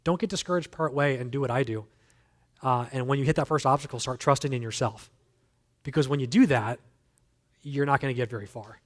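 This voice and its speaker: A man's voice: medium pitch, brisk. A male guest speaker giving a sermon in a conversational, emphatic way, with self-deprecating humor. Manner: emphatic, repeats key phrases.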